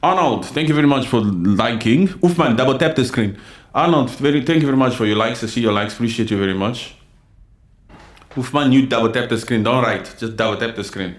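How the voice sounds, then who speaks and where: A man from the DR Congo hosts a livestream with heated commentary. His talk is forceful and full of repetition, and he speaks straight to the people in his chat. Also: mid-range voice, a little fast. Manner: forceful, repetitive, addresses chat viewers directly. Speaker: livestream host.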